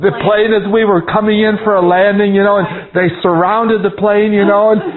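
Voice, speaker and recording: A man with a high voice teaches a Bible class in a folksy storytelling sermon, rambling through a story with frequent chuckles and restarts. His delivery is flat at a normal speed, and the sound is tinny, like a phone.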